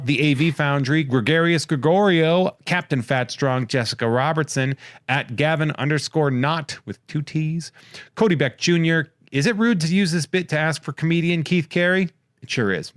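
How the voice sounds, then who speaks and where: A man hosting a podcast in casual comedic chat, rattling off wry, crude shout-outs and jokes. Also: a little high, normal speed, no room sound. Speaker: podcast host.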